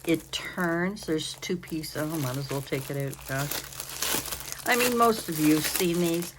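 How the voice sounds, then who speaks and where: A woman's voice: low voice, measured pace, noisy background. An older woman hosting a casual crafting vlog from home, tired and yawning, chatting in a rambling, apologetic way. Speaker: craft channel host.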